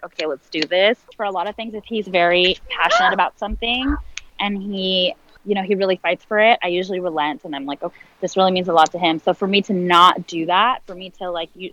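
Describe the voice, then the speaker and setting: A woman's voice: medium pitch, fairly bright tone. Candid woman in her twenties, lo-fi. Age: 20s. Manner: candid, filler-heavy, reenacts dialogue. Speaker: guest. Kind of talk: personal storytelling in conversation.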